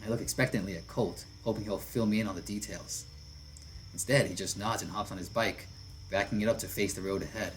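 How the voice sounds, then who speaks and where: Man, low voice, reading a visual novel aloud, casual asides, faint background hiss. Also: quick pace, low-quality recording. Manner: narrating with asides and chuckles. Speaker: visual novel let's player.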